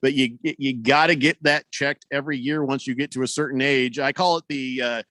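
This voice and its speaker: A medium-pitched man with a steady tone talks fairly quickly, sounding pushed and bright with no echo. He hosts a sports radio show over a studio broadcast mic, casually chatting and reading listener messages in a rambling, self-correcting, wry style.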